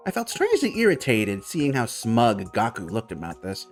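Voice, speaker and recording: Animated male streamer reading a game. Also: mid-range voice, moderate pace, few pauses, soft background music. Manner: animated, swearing reactions between narration. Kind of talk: reading a visual novel aloud with reactions.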